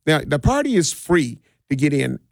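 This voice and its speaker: Gravelly middle-aged man telling stories. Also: a little high, very animated, moderate pace, no room sound, studio quality. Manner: easygoing, laughs between stories, many restarts. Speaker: DJ and community party organizer. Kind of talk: casual interview storytelling.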